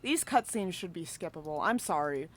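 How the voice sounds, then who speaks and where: A woman's voice: on the low side, animated, moderate pace. A woman streaming a video game, frustrated and swearing as she plays.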